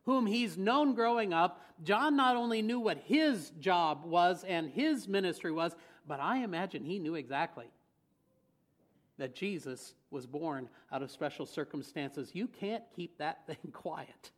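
A male preacher with a voice high for a man delivers a sermon a little slowly, in a relaxed, conversational style. He often poses rhetorical questions to listeners, keeping his tone easy and light with the occasional chuckle.

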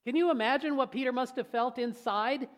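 A pastor delivers a sermon with folksy humor and lively storytelling. His voice sits high for a man. He drops down low and quiet when he turns reflective. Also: brisk.

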